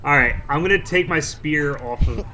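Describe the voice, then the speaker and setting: A man's voice: fairly high pitch, moderate pace, background noise. A man playing a tabletop game, blunt and joking, swearing casually. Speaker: player.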